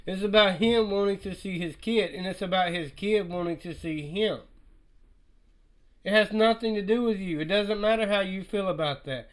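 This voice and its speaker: Man reacting to a clip for viewers, high pitch, emphatic and repetitive. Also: moderate pace, rough recording. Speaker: reaction video commentator. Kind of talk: reaction commentary.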